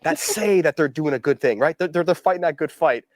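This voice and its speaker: A man's voice: fairly high pitch, animated, fairly quick, no room sound. A man from Canada delivering a preachy monologue to camera, rambling and repeating words. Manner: rambling, repetitive stammering. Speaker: preacher in a clip.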